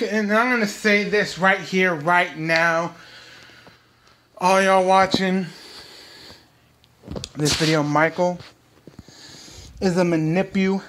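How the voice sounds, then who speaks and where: A man's voice: high-pitched, background noise. A young man hosting his own vlog, ranting heatedly and repetitively straight at his viewers. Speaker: vlog host.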